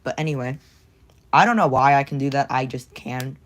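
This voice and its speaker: A man's voice: medium pitch, fairly quick, fairly bright tone, slight background noise. A young man chatting casually with his viewers while drawing, rambling and joking around. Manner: rambling and goofy, jumps between silly voices and whispers. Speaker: streamer.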